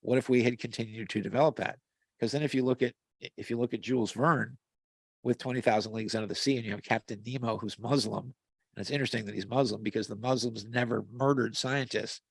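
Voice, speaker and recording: A man with a gravelly, fry-edged voice tells long rambling stories, full of restarts and fillers. He sounds close and dry, as if on a video call. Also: medium pitch, steady tone, fast talker, no room sound. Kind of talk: casual conversational storytelling. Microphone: video call mic.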